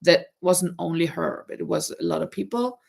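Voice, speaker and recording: A woman's voice: lowish voice, normal speed, creaky, darkish tone. A woman hosting a casual livestream, chatting to viewers while she knits, talking in a rambling, hesitant way and often restarting her words. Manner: chatty, addresses viewers directly. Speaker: livestream host.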